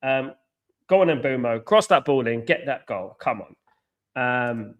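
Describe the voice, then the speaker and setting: This young man runs a fan watchalong stream, chatting and reacting loudly to the match with swings from groans to shouts. He sounds animated but takes it slowly, his voice medium-pitched, and the audio is dull.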